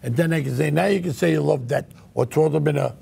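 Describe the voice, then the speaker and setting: A man's voice: on the high side, fast talker, vocal fry, darkish tone, husky. A man hosting a casual talk show, brash and joking as he tells stories. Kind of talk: casual chat.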